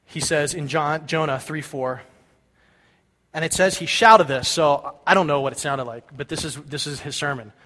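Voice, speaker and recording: A long hall reverb surrounds this male pastor as he talks through his sermon in a casual, conversational style, often asking "right?". His voice is a little high, bright and forceful, and he speaks at a normal speed.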